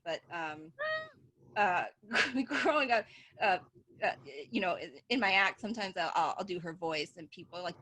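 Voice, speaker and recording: A woman comedian telling stories in a stand-up set over a video call, animated and laughing at her own jokes. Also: medium pitch, normal speed. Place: at home.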